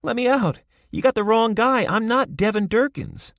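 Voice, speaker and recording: A desperate, whiny prisoner, as a male reader puts him on, pitched far above the reader's own low voice and loud. Pleading in an audiobook, in a dry, close sound. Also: wildly swooping pitch, moderate pace, gravelly, husky, no echo, heavily acted. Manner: high, pleading outbursts. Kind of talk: audiobook character voice.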